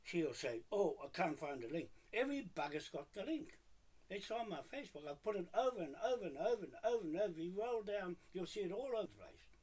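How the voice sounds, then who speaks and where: A husky-voiced man mutters and grumbles to himself, swearing freely. His pitch swings widely between low under-the-breath mumbles and louder bursts. He talks alone at his desk in a home office. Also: lively intonation, quick pace, poor audio. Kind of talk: muttering to himself on a live stream.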